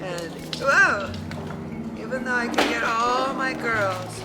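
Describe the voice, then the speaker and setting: A woman's voice: on the high side, takes it slowly, over loud music. A woman vlogging casually about her farm life, chatting and laughing often and cooing at her chickens. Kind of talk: casual chat to camera. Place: in and around a trailer in a barn.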